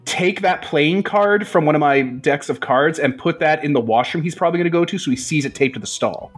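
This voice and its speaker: A man's voice: on the high side, brisk, slightly rough, faint music behind. A man playing a tabletop game, joking and talking through his plans playfully. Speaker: player. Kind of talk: casual tabletop play.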